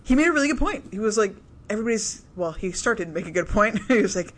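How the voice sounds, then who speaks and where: A man's voice: sits high, lively intonation, moderate pace, fairly bright tone. A man co-hosting a casual chat about a TV show, enthusiastic and swearing often. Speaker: podcast co-host.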